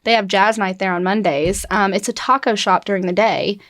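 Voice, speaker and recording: A woman's voice: mid-range voice, steady tone, fairly quick, a bit bright, dry recording, clean studio sound. A young woman hosting a casual interview, chatty and bubbly. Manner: chatty and bubbly, laughs easily. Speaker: interview host.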